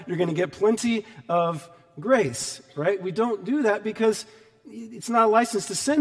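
A man's voice: sits high, big-room sound. A man, a pastor, preaching a sermon in a conversational, storytelling way, with emphatic repetition.

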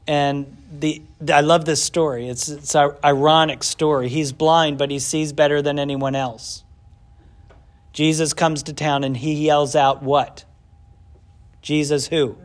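During a relaxed Bible lesson, this man poses questions to the class and supplies the answers himself, bringing the story to life with acted-out asides. He speaks in a higher voice at an unhurried pace.

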